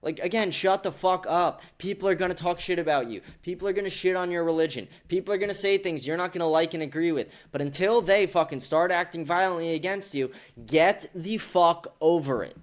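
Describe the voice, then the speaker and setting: A man's voice: high-pitched, fast talker, hardly any pauses. A man hosting a political podcast, ranting angrily with heavy profanity and repeated outbursts. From United States. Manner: profane, repetitive, shouting bursts. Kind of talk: angry ranting commentary.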